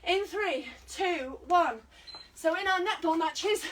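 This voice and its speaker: A woman's voice: extremely high pitch, slow, few pauses, distant mic, background noise. Breathless British woman coaching a workout. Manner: encouraging, counting down and coaching while exercising. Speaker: fitness instructor. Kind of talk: online exercise class.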